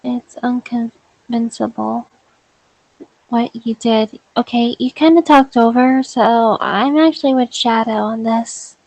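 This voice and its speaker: A woman's voice: a little high, takes it slowly, a little mellow, dry recording. A woman chatting casually as co-player during a game playthrough, giving frank, teasing commentary. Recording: dull lo-fi recording.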